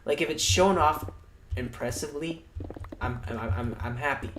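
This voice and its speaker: A man's voice: a little high, normal speed, fairly bright tone. A man chatting casually on a livestream, rambling and swearing in a sardonic way. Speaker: streamer. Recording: echoey room, noisy background.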